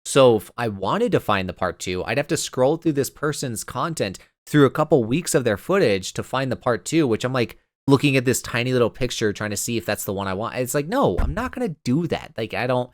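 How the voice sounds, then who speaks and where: A man's voice: medium pitch, animated, brisk, few pauses, dry recording, clean studio sound. A man co-hosting a podcast, a bit tired and yawning, rambling in casual chat with lots of fillers. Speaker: podcast co-host.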